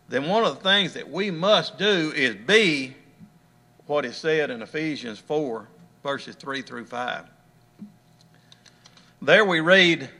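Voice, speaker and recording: A man with a high, bright voice delivers an earnest sermon. He poses rhetorical questions to the congregation and sinks his pitch at the end of each thought. His tone is clear and pointed. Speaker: preacher.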